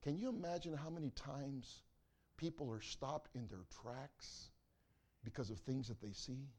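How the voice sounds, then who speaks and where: A man preaching a sermon as pastor, swinging from loud exclamations to quiet asides. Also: mid-range voice, measured pace.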